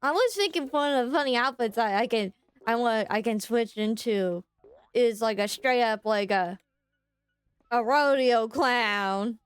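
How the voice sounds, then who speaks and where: A woman's voice: fairly high pitch, moderate pace, smooth, soft background music. A woman from Texas with a Southern accent, chatting and swearing casually as she plays a game and voices its characters. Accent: Southern American. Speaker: streamer.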